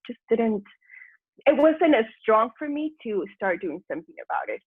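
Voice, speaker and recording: A woman with a husky, breathy voice tells her story chattily on a remote call, quick to laugh and voicing her own old thoughts aloud. The sound is thin and phone-like, bone dry with no room around it. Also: high-pitched, lively intonation, no room sound. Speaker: guest, personal transformation mentor. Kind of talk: candid storytelling interview.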